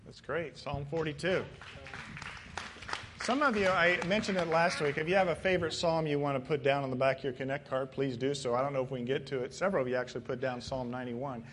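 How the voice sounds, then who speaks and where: A man's voice: mid-range voice, fast. A man leading a church service as pastor, joking as he passes the microphone around the congregation. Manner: joking, relaxed. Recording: congregation and room noise behind.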